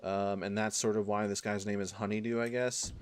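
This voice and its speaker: A man's voice: fairly low pitch, flat delivery, fairly quick, clear, resonant tone. A man commenting on a playthrough in a profane, joking way as the gaming host. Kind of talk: let's play commentary.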